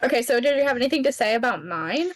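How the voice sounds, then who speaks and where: A young woman co-hosting a podcast, easygoing and quick to laugh as she steers the talk. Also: sits high, expressive, poor audio. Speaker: podcast co-host. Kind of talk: casual chat.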